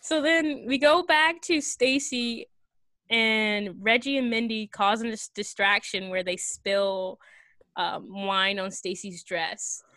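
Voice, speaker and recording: A woman casually recapping a film plot in a chatty, rambling way, full of fillers and quick giggles. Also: mid-range voice, fairly even intonation, bright, forceful tone, dry recording. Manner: rambling, giggly retelling with many fillers and acted quotes. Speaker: podcast co-host recapping a film. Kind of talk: casual chat.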